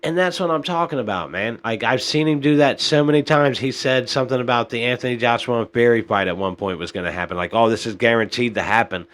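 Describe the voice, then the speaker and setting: A man's voice: mid-range voice, fast, few pauses, fairly bright tone. A man hosting a podcast, giving casual boxing commentary in a rambling, frustrated way, often tossing in "man" and "uh.". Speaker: podcast host.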